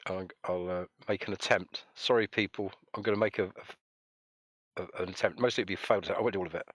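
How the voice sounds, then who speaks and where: A man hosts a live-streamed voice call with a fairly low voice. He rambles and jokes, reading out chat comments as he goes. The sound is dry and close, with no room around him. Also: steady tone, fast, a bit bright, no echo. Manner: jokey, rambling, reads chat comments aloud.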